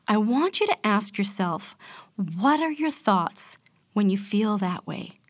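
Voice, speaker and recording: A woman gives a calm self-help talk, explaining her points steadily and addressing the listener directly. Her voice sits at an ordinary middle pitch in a dry, close recording. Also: dry recording. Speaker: motivational speaker.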